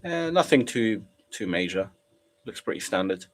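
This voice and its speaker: A young man with a slightly low voice talks through his trades on a live stream. He is sniffly from a cold and keeps a casual, chatty tone. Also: big pitch swings, normal speed. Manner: casual, chatty, reads chat aloud and reacts. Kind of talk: live trading stream commentary.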